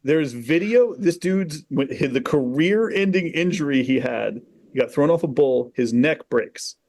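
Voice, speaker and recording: A man co-hosting a casual podcast chat, telling stories with animated energy, swearing freely and laughing as he goes. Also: a little high, measured pace, no room sound. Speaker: podcast co-host.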